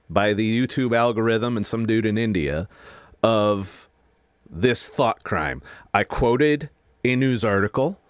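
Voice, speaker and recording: A middle-aged man in an angry, profane rant, stumbling over his words and starting over. His pitch swings widely as he vents. The recording is dry and close, with little room sound. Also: no echo. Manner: angry, profane, halting with restarts. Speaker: video creator. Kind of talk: frustrated personal rant to camera.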